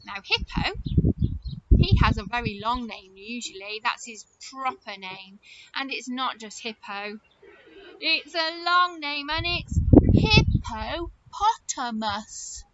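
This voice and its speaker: A woman's voice: on the high side, animated. Sing-song woman teaching young children. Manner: slow, sing-song, encouraging, clapping out syllables. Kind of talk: early-years phonics lesson. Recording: dull lo-fi sound with loud noise.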